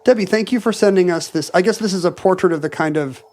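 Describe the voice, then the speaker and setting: A man's voice: high voice, fast talker, a little mellow, a little hiss or hum. A man co-hosting a podcast in casual chat, with a dry, wry manner. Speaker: podcast co-host.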